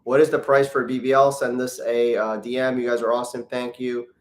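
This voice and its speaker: A man's voice: mid-range voice, a little fast, a little hiss or hum. Man in a roomy echo, joking Q&A host. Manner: relaxed, joking, greets viewers by name. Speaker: plastic surgeon hosting a live Q&A. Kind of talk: casual live-stream chat, reading viewer comments aloud.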